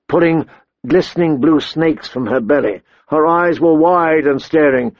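A man narrating a fantasy audiobook in a measured, deliberate storytelling manner. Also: on the high side, dry recording. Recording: slightly dull, dry recording.

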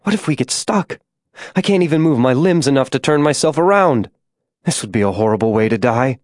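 A man's voice: medium pitch, measured pace, darkish tone, no room sound, studio quality, close to an everyday voice. Man voicing a frightened young woman caver.

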